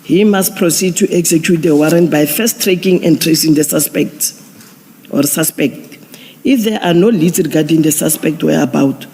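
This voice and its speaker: A man, a police general giving formal testimony at an inquiry, measured and procedural with frequent restarts. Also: on the high side, gravelly, darkish tone. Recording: long hall reverb.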